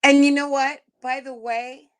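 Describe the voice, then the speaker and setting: A woman's voice: sits high, little pitch movement, unhurried. A woman co-hosting a casual livestream chat, laughing often and chiming in with apologies.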